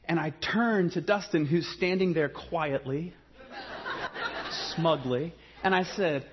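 A man from Ohio preaching a sermon, mixing humorous storytelling with quiet, earnest passages. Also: fairly high pitch, takes it slowly, muffled recording, a little hiss or hum. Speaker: pastor.

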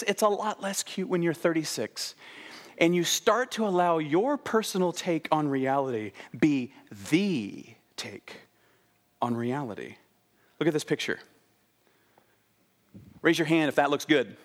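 Animated man preaching a sermon. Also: fairly high pitch, unhurried, pauses often. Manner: animated storytelling with playful inflection. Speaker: pastor.

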